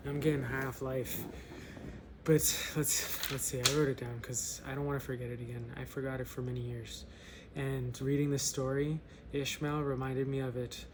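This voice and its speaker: A man's voice: mid-range voice, little pitch movement, moderate pace, noisy background. A man hosting a casual book club vlog, rambling, joking and interrupting himself before reading a story. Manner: loose, joking, self-interrupting.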